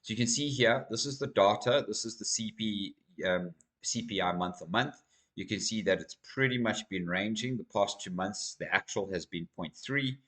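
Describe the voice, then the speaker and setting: A South African man with a fairly low voice hosts his own crypto channel, giving casual market commentary to camera at normal speed. Energetic and rambling, he calls his viewers guys while walking through market data at his desk.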